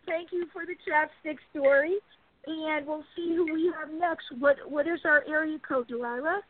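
A woman hosts a call-in show, greeting callers in a friendly, hesitant way that trips over words. Her voice is high and comes through a narrow, phone-like line. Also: fairly even intonation, normal speed, no room sound. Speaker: host.

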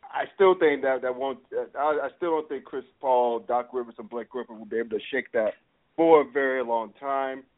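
A man's voice: medium pitch, normal speed. Rambling man on a tinny line. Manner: rambling, repeats words and restarts, excitable. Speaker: podcast host. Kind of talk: casual sports chat. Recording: tinny phone-like audio.

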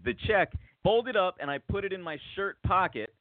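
A man's voice: high voice, animated, normal speed, dry recording. A man hosting a podcast, telling a long story in a casual, rambling way, with many restarts. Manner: rambling, lots of restarts, acts out quotes. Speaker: podcast host. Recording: tinny phone-like dry sound.

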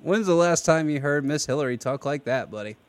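A man hosting a casual political podcast, talking in an animated, rambling way with many restarts. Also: on the high side, fairly quick, no echo. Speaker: podcast host.

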